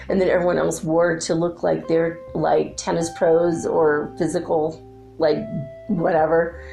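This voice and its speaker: A woman's voice: lowish voice, creaky, a little mellow. A middle-aged woman hosting a spiritual talk show, chatty and rambling, laughing often. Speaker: spiritual channeler and show host.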